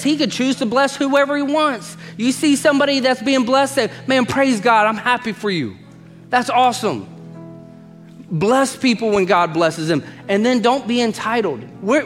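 Preaching in a large hall, a pastor with a high voice is animated and emphatic. He repeats lines for stress and acts out the voices of the people he quotes.

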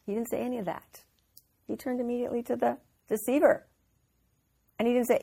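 A woman's voice: medium pitch, a little fast, vocal fry, long pauses, mellow, breathy edge, dry recording. A woman giving an informal Bible teaching, telling the story earnestly with frequent restarts.

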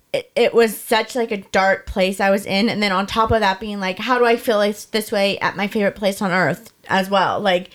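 A young adult woman candidly telling a personal story, talking fast and emotionally with many "like" fillers. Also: mid-range voice, a bit bright. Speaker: podcast guest sharing her story.

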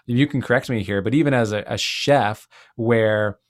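A man hosting a relaxed podcast conversation, reflective and storytelling, often leaning on "like" and "you know". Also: fairly low pitch, normal speed. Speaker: podcast host. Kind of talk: casual conversational interview.

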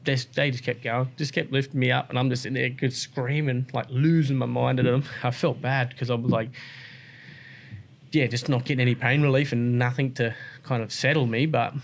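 An Australian racer, appearing as a guest, tells his story in a casual interview, rambling with many fillers and restarts. His medium-pitched voice is steady, a little fast, and has vocal fry, with slight hiss or hum on the recording.

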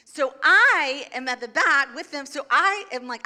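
A woman in her forties with a high, bright voice tells a story to a listener. She gets lively and laughs, now and then acting out her own shouting. The delivery is animated and conversational. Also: measured pace.

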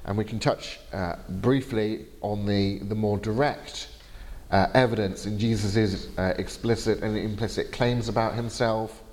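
A man's voice: lowish voice, steady tone, unhurried, a little mellow, slight background noise. A man giving a university lecture, explaining step by step with frequent hesitations. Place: lecture hall. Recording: long hall reverb.

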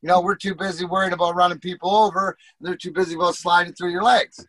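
A middle-aged former hockey player rambles through profane locker-room anecdotes and acts out what his teammates said. His voice sits a little high. The sound is dry and close to the mic. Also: flat delivery, fast talker, fairly bright tone, no echo, poor audio. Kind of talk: casual storytelling.

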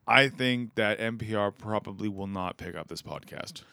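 A man's voice: on the low side, normal speed, pushed and bright, dry recording. A man hosting a podcast, chatting casually in a rambling, joking way. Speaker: podcast host. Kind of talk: casual chat.

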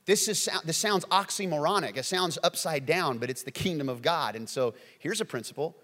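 A pastor preaching a sermon, moving between quiet, earnest lines and loud, excited acted-out quotes. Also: male voice, fairly high pitch, fairly quick, big-room sound. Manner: animated, swings from hushed to shouting, acts out quotes.

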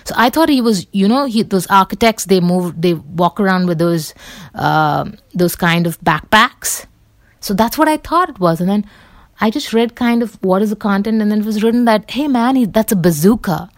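A woman's voice: medium pitch, animated, moderate pace, no room sound, studio quality. A woman talking loosely to camera in a rambling, chatty way, full of fillers and the odd swear word. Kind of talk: casual rambling monologue.

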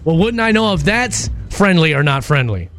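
A man co-hosting a morning radio show with a high voice that swings widely in pitch. He is excitable and jokey, laughs a lot, and often cuts into the banter. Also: normal speed, over music.

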